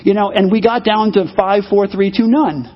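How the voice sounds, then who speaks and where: A man preaches in a high, slightly husky voice, telling stories with animation and slipping into the voices of the people he quotes. The recording sounds dull and muffled. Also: steady tone, normal speed. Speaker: pastor. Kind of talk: sermon with personal stories.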